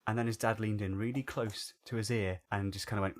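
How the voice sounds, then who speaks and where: Podcast co-host, man in his twenties, lively storyteller who swears and acts out quotes. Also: fairly low pitch, fairly quick, noisy background. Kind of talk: casual storytelling.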